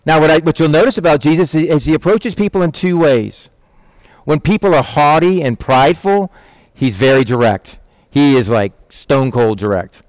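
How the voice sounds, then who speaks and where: A man's voice: moderate pace, darkish tone, no room sound, poor audio. A middle-aged man preaching a conversational sermon, reading scripture and talking plainly and directly to his congregation. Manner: folksy, direct, acts out voices of disciples with a raised pitch. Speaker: pastor.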